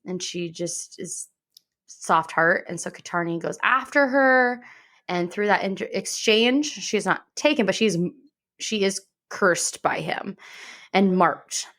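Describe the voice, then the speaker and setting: A woman on a podcast speaks in a relaxed, conversational tone at a middle pitch. She reads a book blurb aloud, then slips back into easy explanation in her own words. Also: slow. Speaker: podcast co-host. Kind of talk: casual chat and reading a book blurb.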